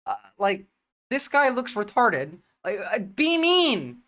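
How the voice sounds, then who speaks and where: A woman with a New Jersey accent hosts a livestream, reacting bluntly and with plenty of profanity. She talks in fast, loose bursts with a medium-pitched voice. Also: sing-song, a bit bright. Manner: blunt, profane, rapid-fire. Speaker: streamer. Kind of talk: livestream commentary.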